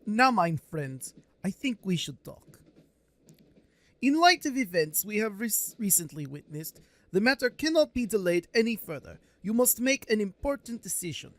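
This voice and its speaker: A man's voice: high-pitched, sing-song, fairly bright tone, no room sound. A man putting on a grave German-accented psychiatrist. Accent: put-on German, drifting toward Russian. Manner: slow, earnest, formal warnings. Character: grave middle-aged male psychiatrist, solemn mentor type.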